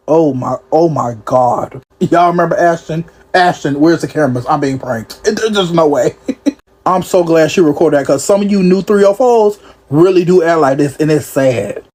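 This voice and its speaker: A man giving casual reaction commentary in an animated, mocking way, laughing often. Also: on the high side, moderate pace, slightly rough.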